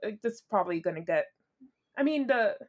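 Lively woman co-host getting over a cold. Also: medium pitch. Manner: expressive, quick to react and laugh. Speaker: podcast co-host. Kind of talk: casual podcast chat.

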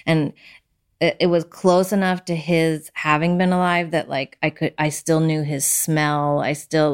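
A woman being interviewed, recalling vivid dreams in a thoughtful, measured way. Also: sits low, little pitch movement, clear, resonant tone. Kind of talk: reflective personal recollection.

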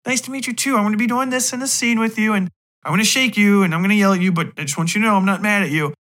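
A man voicing a friendly adult actor gently reassuring a child. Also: medium pitch, racing, pitched above the performer's own voice, lightly acted.

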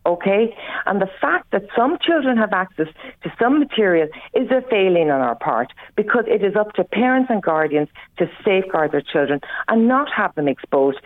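A woman's voice: mid-range voice, sing-song, normal speed, few pauses, no room sound. A woman, a local councillor, arguing firmly and insistently on a radio show, repeating her words when she is pressed. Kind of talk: radio debate over the phone. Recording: tinny phone line.

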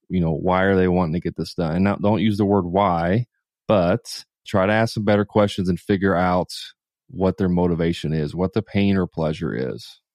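Deep-voiced male sales coach on a podcast. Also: darkish tone, dry recording, clean studio sound. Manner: coaching, direct, talks to listeners. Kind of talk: casual podcast chat, advice.

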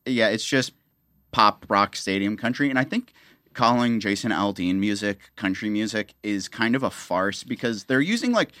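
A woman hosting a podcast in casual chat, animated and quick to slip into comic voices. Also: rumbling low, dry recording, studio quality. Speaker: podcast host.

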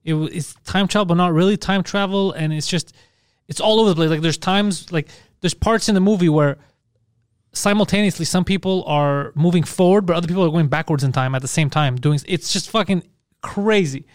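Man, comedy podcast co-host, joking, tangent-prone, high-ish voice, dry. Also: clear, resonant tone, no echo. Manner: quick interjecting jokes, then long musing tangents. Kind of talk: casual comedic chat.

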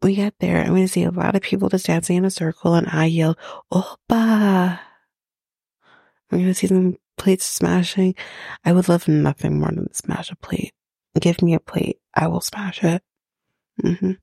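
Gravelly, husky woman dishing reality TV. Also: fairly low pitch, flat delivery, normal speed, mellow, no room sound, studio quality. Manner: blunt, swears freely, mocking asides. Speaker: podcast host. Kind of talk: casual recap chat.

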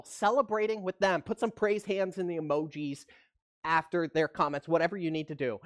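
A man preaching a livestreamed sermon, talking casually and often asking his listeners questions. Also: on the high side. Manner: conversational preaching, asks the audience questions. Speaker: pastor.

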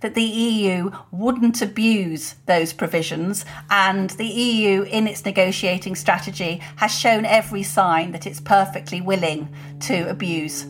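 A woman's voice: mid-range voice, a little slow, slight background noise. A woman in her sixties, co-hosting a political podcast and speaking in an indignant, opinionated way. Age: 60s. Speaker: co-host. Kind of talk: casual political podcast chat.

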